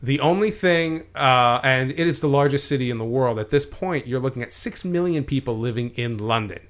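A relaxed man co-hosting a podcast, easing into a history story in an unhurried, conversational way. His pitch sits in the middle of the range, and he laughs easily between points. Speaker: podcast co-host. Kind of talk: casual chat.

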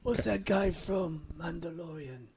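A man's voice: fairly high pitch, measured pace, vocal fry, crowd noise. Teasing, laughing man on a podcast. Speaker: podcast co-host. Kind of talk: casual chat.

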